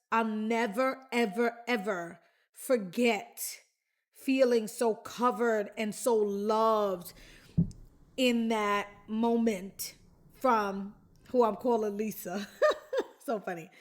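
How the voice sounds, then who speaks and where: A woman from the Bronx, hosting a podcast and telling a personal story in a chatty, candid way, talking straight to her listeners. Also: a little high. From the Bronx, New York. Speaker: podcast host.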